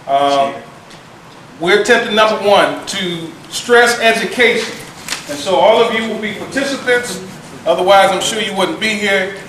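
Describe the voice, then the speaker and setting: High-pitched guy running a community meeting, repeats stuff for emphasis, faint noise behind. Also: fairly bright tone. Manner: emphatic, repeats key points. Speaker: meeting organizer. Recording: echoey room from far off.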